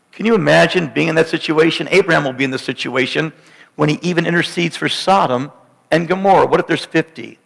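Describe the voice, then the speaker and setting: A man preaching a sermon with high, gravelly intensity, his bright, forceful delivery ringing through a church sanctuary with a long reverb. He builds emphatic, dramatic points and breaks them up with joking asides to the congregation. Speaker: pastor.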